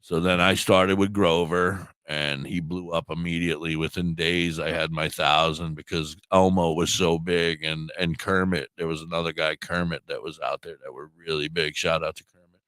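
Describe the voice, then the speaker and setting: A man with a sore throat telling a story casually on a radio talk show, animated, acting out quoted dialogue and swearing freely. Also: sits low, normal speed, clean tone, dry recording. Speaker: puppeteer and live streamer.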